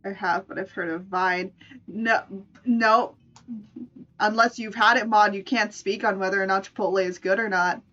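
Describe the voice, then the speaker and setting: Bright-voiced woman in playful stream chat. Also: medium pitch, steady tone, normal speed, dull audio, faint music behind. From United States. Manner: playful, chatty, laughs often. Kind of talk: casual live-stream chat.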